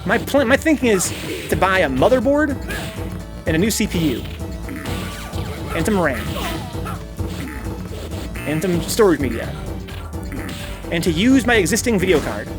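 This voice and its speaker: A man hosts a casual live game stream with game music playing beneath his voice. He rambles and chats, reads chat messages aloud, and swears casually, speaking unhurriedly in a high voice with big pitch swings and long pauses.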